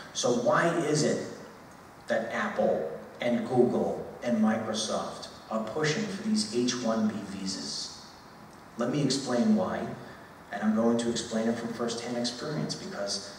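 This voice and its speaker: A man's voice: on the low side, a little hiss or hum. A man in his forties giving an emphatic, conversational public speech at a university, repeating words for stress. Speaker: speaker at a university talk. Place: university lecture hall. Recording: echoey hall, voice from far off.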